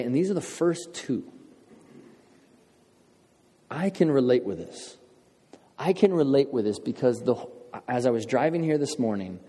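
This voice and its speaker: A man's voice: mid-range voice, dark tone. Man preaching in a reverberant hall. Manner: conversational preaching with rhetorical questions. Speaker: pastor. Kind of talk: sermon.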